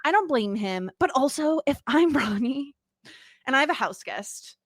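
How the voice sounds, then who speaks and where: Gushing with enthusiasm, a female podcast co-host chats casually at a normal speed. Her high-sitting voice has lively intonation, captured in clean studio sound with no room sound.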